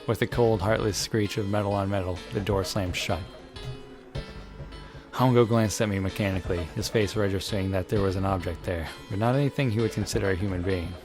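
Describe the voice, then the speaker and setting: Brief: let's-play narrator, man with a lowish voice, dramatic reading over game music. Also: a little fast. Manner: dramatic reading with swearing asides. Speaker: let's player. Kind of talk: reading a visual novel aloud with commentary.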